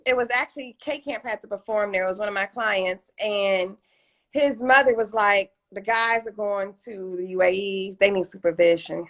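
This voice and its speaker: A woman from Detroit, a guest on an interview, telling a story in an animated way and acting out the voices of the people in it over a video call. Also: mid-range voice, normal speed. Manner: animated, acts out voices in her stories. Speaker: guest entrepreneur.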